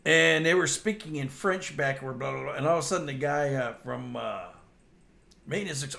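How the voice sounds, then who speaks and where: An older man swaps work stories in a casual, unhurried way, and he keeps breaking into laughter at his own antics. His voice sits fairly high and bright, with a gravelly edge and a pitch that swings widely. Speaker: storyteller host. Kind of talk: casual storytelling.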